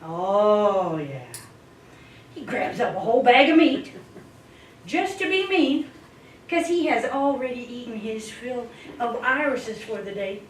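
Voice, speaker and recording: A woman at a speaking club telling a folk tale in a dramatic, playful way, swooping in pitch and volume. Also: slow. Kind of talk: animated folk-tale storytelling. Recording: echoey room, distant mic, faint hiss.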